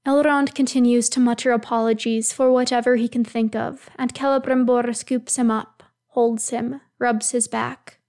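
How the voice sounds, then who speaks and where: Woman calmly reading a story aloud. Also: on the high side, moderate pace, hardly any pauses. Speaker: reader. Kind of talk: reading fan fiction aloud.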